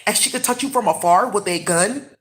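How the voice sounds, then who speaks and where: A woman giving a rambling, profane monologue with sudden loud exclamations. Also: medium pitch, fairly quick.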